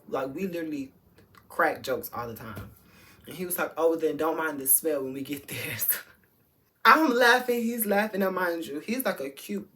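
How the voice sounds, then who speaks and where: Woman vlogger, low voice, candid and profane storytelling, chatty and direct to camera. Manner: candid and profane, talks straight to viewers; chatty, many fillers and restarts. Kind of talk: storytime vlog.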